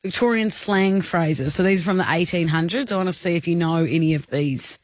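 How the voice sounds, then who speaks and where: A woman's voice: on the low side, a little fast, dry recording, studio quality. Giggly woman radio host. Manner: giggly, teasing quizmaster. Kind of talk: casual radio banter.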